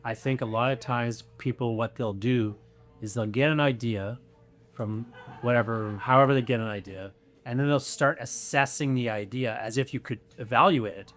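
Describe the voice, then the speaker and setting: A man's voice: medium pitch, steady tone, normal speed, a bit bright. A man speaking as a writer on a live convention panel, earnest and explanatory, restarting words as he thinks. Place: convention panel room before an audience.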